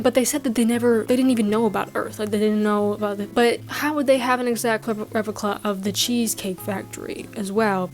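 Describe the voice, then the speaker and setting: Rambling woman telling a comic story. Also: a little high. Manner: rambling, filler-heavy, checking in with "okay?". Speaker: vlogger. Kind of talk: comedic storytelling to camera.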